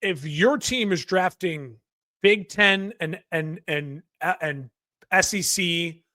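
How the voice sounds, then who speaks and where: High-voiced animated podcast guy. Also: slow, dry recording, studio quality. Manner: animated, acts out quotes, restarts often. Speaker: podcast co-host. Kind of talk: casual sports chat.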